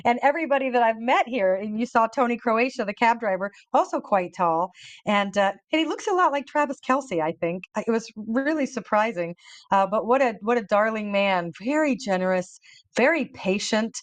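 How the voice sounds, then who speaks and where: A woman host telling a story in a casual, excited way, laughing often and repeating words as she goes. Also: on the high side, normal speed, dry recording. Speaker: show host.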